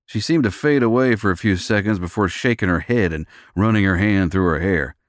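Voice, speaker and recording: Deep-voiced man narrating an audiobook. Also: fairly quick, no echo, clean studio sound. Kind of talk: first-person romance narration.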